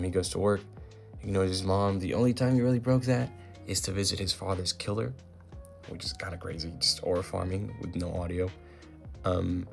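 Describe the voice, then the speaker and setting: A man's voice: low voice, gravelly. A man casually recapping a comic issue in a laid-back, slangy way with frequent ums. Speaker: comic book reviewer.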